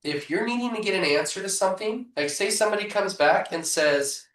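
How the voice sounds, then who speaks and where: A man coaching real estate agents in a live training, punchy and energetic, often asking rhetorical questions over a video call. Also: high voice, a little fast, hardly any pauses. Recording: echoey room, voice far from mic.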